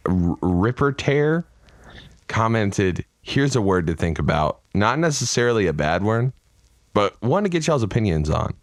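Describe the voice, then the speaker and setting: A young man co-hosting a casual podcast, rambling through jokes and laughing loudly. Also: on the low side, very animated, measured pace, no room sound, clean studio sound. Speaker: podcast co-host.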